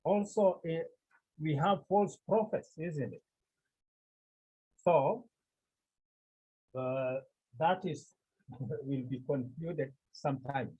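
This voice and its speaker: Man as Greek teacher, slow and repetitive, husky voice, tinny call audio. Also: a little high, mellow. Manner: slow, repetitive, with many pauses. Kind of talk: online language lesson. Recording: tinny phone-like line.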